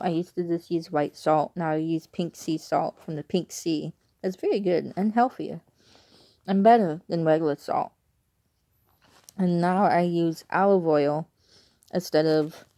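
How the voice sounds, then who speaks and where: A woman with a Chicago accent chats casually in a vlog, rambling and doubling back on her words. Her voice sits a little low and warm. The sound is dry, with no room echo. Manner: rambling, chatty, self-correcting. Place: at home.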